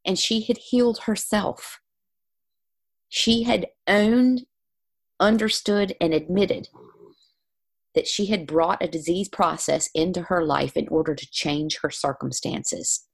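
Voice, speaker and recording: Woman, gravelly low voice, lively storyteller who plays out the other voices. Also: measured pace. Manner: animated, acts out quoted voices. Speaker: guest, spiritual healer. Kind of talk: storytelling in conversation.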